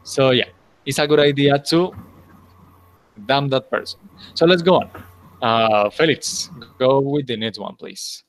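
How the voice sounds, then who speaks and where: A male English teacher at a mid-range pitch, talking his students through a grammar point with patient, careful explanations. His voice is close and dry, with almost no room sound. He keeps stopping to check whether everyone is following. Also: unhurried, pauses often, dry recording. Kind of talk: online class instruction.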